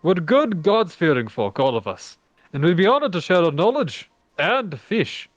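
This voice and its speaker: A man's voice: high voice, big pitch swings, normal speed, no room sound, muffled recording, soft background music. A man reading a humble fisherman villager. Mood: earnest. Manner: friendly, modest. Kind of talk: fan voice acting of game dialogue.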